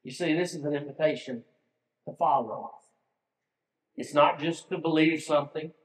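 A man's voice: fairly high pitch, normal speed. A male pastor delivering a sermon in an earnest manner, putting direct questions to his listeners. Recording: echoey hall with long reverb.

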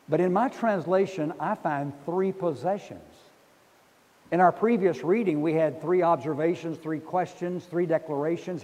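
A man's voice: a little high, mellow, big-room sound, rough recording. A man preaching a sermon as pastor, telling a story and then leading the congregation to answer him. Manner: storytelling preacher who leads the congregation in responses.

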